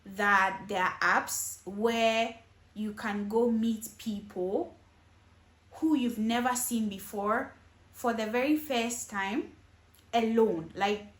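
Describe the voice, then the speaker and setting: A woman host gives casual reaction commentary, earnest and cautionary, checking in with "okay?" as she talks. Her voice is a little high. The recording has a noticeable echo from the room. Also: a bit bright. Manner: earnest and warning, keeps asking "okay?".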